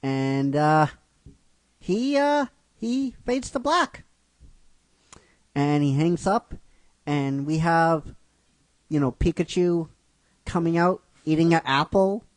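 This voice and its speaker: A man telling a story from his own script in a relaxed, halting way, full of fillers and restarts. He talks slowly and deliberately. The recording is dry and close, with no room sound. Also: fairly high pitch, no echo. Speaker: narrator of a fan script. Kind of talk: casual storytime narration.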